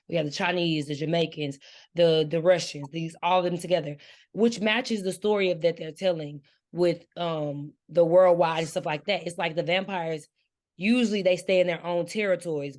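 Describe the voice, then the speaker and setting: A woman's voice: on the low side, darkish tone. A woman co-hosting a casual book discussion, reacting expressively and acting out the characters' lines. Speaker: book review co-host.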